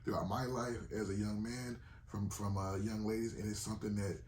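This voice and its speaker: A man delivers frank relationship advice in a dark, mellow voice. He is emphatic and a little preachy, repeating key points to drive them home. The sound carries the echo of a bare room. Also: on the low side, level tone, moderate pace, slight background noise. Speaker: podcast co-host. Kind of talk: candid relationship advice talk.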